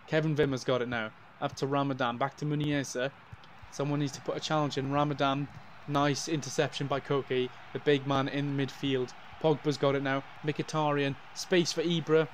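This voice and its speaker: A man doing let's-play commentary on a football management game, excitable and swinging from loud cheering to gloomy muttering. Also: medium pitch, moderate pace, slight background noise. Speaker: gaming YouTuber.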